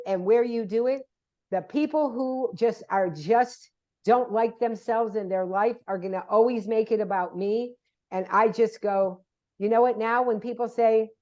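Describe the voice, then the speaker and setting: An older woman speaks as a podcast guest with a somewhat high voice, telling her stories with emphasis and acting out the voices of the people she quotes. The recording is dull and lo-fi, with the top end rolled off. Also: a little mellow. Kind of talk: casual podcast chat. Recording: dull lo-fi sound.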